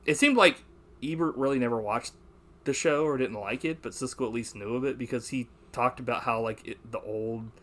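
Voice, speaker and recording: A man's voice: medium pitch, brisk, fairly bright tone. A young man hosting a podcast, chatting casually about a movie, rambling, swearing and laughing as he quotes lines. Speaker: podcast host.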